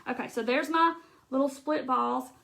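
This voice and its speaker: A woman with a Southern accent chats through a live crafting session. Her voice sits a little high, and her talk is folksy and loose, full of asides and small laughs. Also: moderate pace, gravelly, fairly bright tone. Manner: chatty, folksy, laughs often, thinks aloud. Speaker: craft livestream host. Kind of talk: casual chat while crafting.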